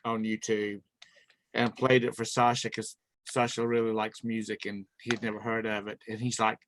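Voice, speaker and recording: A man's voice: lowish voice, flat delivery, moderate pace, a bit bright, a little hiss or hum. A man hosting a casual group chat, joking and laughing often. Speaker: show host.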